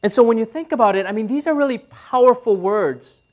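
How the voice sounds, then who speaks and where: Man in his thirties, pastor delivering a relaxed, chatty sermon with questions to the room. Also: very high-pitched, a little fast. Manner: conversational, asks the audience questions.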